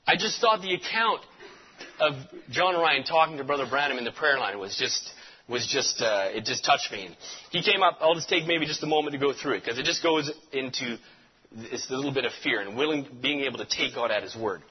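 A male preacher telling a story in a sermon, animated and punctuated with amens. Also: mid-range voice, brisk, husky, muffled recording. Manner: animated storyteller, repeats amen.

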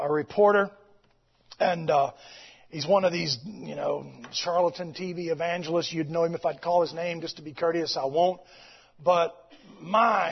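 A man preaching a fiery sermon, shouting with passion and then dropping into casual storytelling. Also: sits high, husky, dull audio. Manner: impassioned, shouting, drops to storytelling.

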